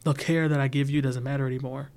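A man's voice: mid-range voice, little pitch movement, fast, a little mellow. A man co-hosting a podcast, telling earnest personal stories in casual chat. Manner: earnest storytelling, acting out quoted voices. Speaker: podcast co-host.

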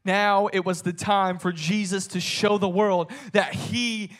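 A man with a notably high voice delivers a dramatic sermon. He reads scripture in old-fashioned wording and retells the scene with rising intensity, dropping low and then shouting at the peaks. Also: little pitch movement, measured pace. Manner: dramatic, swings between soft storytelling and shouted climaxes; reads scripture aloud in King James wording. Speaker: preacher.

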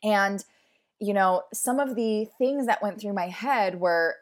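A woman in her thirties hosts her own podcast, speaking candidly and emotionally in a casual, chatty monologue full of "like"s. Her voice is mid-range and her pace slow.

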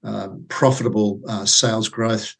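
A man's voice: on the low side, flat delivery, measured pace, creaky, breathy edge. A man in his forties with an Australian accent, a guest on an interview podcast, talking things through with many fillers and repeated words. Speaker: podcast guest, sales consultant. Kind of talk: casual interview chat.

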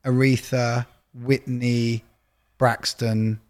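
A man's voice: medium pitch, level tone, extremely slow, a little mellow. A man who is a record label executive, talking casually in a sit-down conversation and telling anecdotes full of quoted dialogue.

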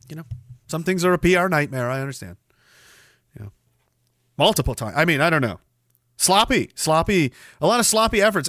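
A man's voice: very high-pitched, pushed and bright, dry recording, clean studio sound. A man from Canada hosting a livestream podcast, ranting sarcastically with frequent laughter. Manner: sarcastic, jokey, laughs often. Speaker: podcast host. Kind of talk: casual livestream rant.

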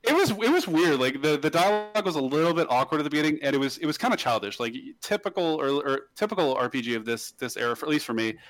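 Fast-talking man on a casual podcast. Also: fairly high pitch, sing-song, fairly bright tone. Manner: rambling, with many restarts and fillers. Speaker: podcast host.

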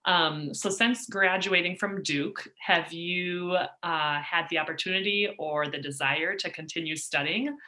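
A woman's voice: lowish voice, a little slow, hardly any pauses, pushed and bright. A woman hosting a podcast, asking curious questions of her guest. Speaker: podcast host. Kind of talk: interview questions.

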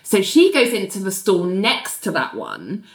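A woman co-hosting a podcast, recapping a TV episode in casual chat, talking in an animated way with lots of fillers and giggly asides. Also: medium pitch, a little slow, roomy sound.

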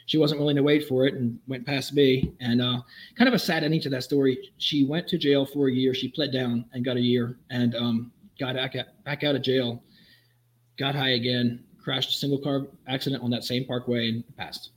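A middle-aged man, a police officer guest on a podcast, telling a story fast and animatedly, acting out the lines he quotes. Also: medium pitch, flat delivery.

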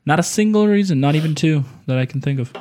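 A man's voice: a little high, animated, fast, dark tone, a little hiss or hum. A man hosting a beer podcast in casual chat, laid-back and rambling, swearing offhand. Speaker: podcast host.

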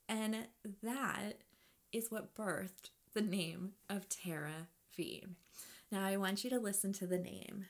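A woman hosts her podcast alone, telling a personal story in a chatty, confiding voice. She talks slowly and unhurriedly in a slightly low register. Her delivery mixes playful asides with moments that drop into a whisper. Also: gravelly. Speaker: podcast host.

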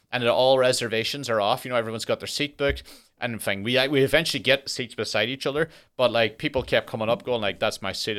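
A young man hosting a solo podcast, telling an exasperated travel story and ranting with heavy swearing and dark jokes. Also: medium pitch. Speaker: podcast host.

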